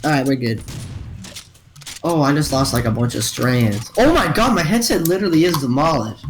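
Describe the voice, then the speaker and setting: Excitable young-sounding woman, rambling giggly storyteller on a headset mic, slightly low voice, roomy echo. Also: moderate pace, background noise. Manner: excitable, giggly, full of "and then" and "like". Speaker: storyteller among friends. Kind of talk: casual rambling retelling over voice chat. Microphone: gaming headset.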